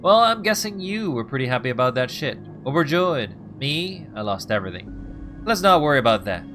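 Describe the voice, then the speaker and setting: A man's voice: mid-range voice, very animated, moderate pace, fairly bright tone, faint music behind. A man voicing a jittery, scruffy male ex-bounty hunter, talking sarcastically and pleading, as he reads game dialogue aloud. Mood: edgy.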